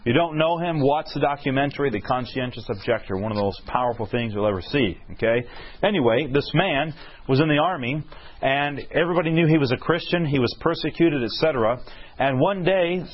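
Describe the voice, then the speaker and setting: A man preaching a sermon, telling a story and asking his listeners questions that he answers himself. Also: medium pitch. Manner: asks the crowd questions and answers them himself. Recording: husky, dull lo-fi recording.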